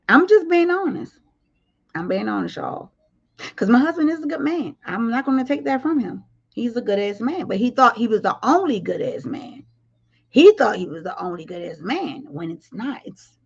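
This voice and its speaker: Blunt, high-voiced woman ranting on a livestream. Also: gravelly, husky, muffled recording. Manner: blunt, profane, addresses viewers directly. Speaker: livestream commentary host. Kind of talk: casual livestream commentary.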